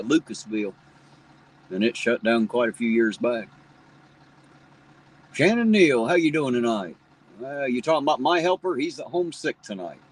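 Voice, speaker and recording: A man's voice: mid-range voice, husky, rough recording. A middle-aged man with a slight Southern drawl from where Ohio, Kentucky and West Virginia meet, chatting in a folksy, rambling way with viewers on a live stream. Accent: Appalachian Ohio Valley, slight Southern drawl. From tri-state area where Ohio, Kentucky and West Virginia meet. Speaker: livestream host. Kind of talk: casual live-stream chat, reading viewer comments.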